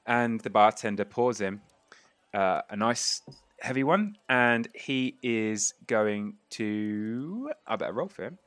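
Low-voiced game master narrating. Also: male voice, animated, slow, fairly bright tone, dry recording. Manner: rambling, many fillers, laughing.

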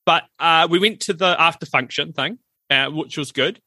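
A man's voice: a little high, normal speed, sharp tone, dry recording. A middle-aged man, co-hosting a casual podcast and telling stories animatedly, acting out the voices he quotes. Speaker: podcast co-host. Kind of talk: casual chat.

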